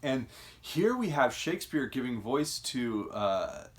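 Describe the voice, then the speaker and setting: A man's voice: mid-range voice, sing-song, slow. A man hosting a casual literary discussion, thoughtful and musing, often restarting his sentences. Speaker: podcast host.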